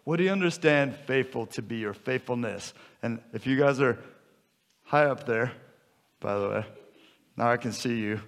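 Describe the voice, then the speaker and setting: A man's voice: medium pitch, moderate pace. A man in his fifties preaching a sermon in a conversational, joking way that builds to emphatic repetition. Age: 50s. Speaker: pastor.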